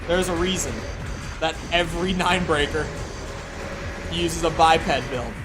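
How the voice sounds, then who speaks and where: A man's voice: fairly high pitch, unhurried, music in the background. A man with a Minnesotan accent chatting casually while streaming a game, rambling with lots of "like" and fillers. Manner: rambling, filler-heavy, with frequent "like". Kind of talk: casual chat while playing.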